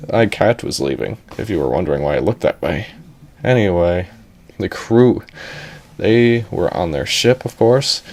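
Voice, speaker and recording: A young man narrating a comedic animated story in a rambling, jokey way, interrupting himself with asides. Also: medium pitch.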